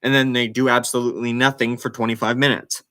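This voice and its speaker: A man's voice: mid-range voice, level tone, fast talker, pushed and bright. A man hosting a casual sports talk show, emphatic and incredulous as he breaks things down. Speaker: podcast host.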